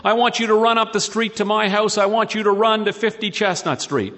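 Man voicing a patient, firm housewife, fairly high, steady and insistent. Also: brisk. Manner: calm but insistent.

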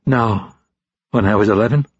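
A man voicing a shaken, apologetic male patient whose speech is slightly slurred and halting. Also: on the low side, breathy edge, no room sound, dull audio. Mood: remorseful.

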